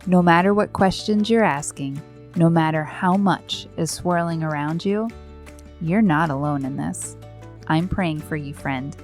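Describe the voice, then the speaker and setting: A woman's voice: low-pitched, a little slow, a little mellow, soft background music. A middle-aged woman hosting a devotional podcast, speaking in an earnest, reflective way with rhetorical questions and repeated phrases. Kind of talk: devotional talk.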